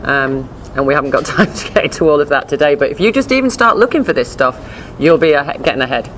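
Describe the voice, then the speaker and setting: A woman teaching a dog behavior class in a chatty, animated way, often acting out voices. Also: low voice, fast, slight background noise. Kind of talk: informal lecture with slides.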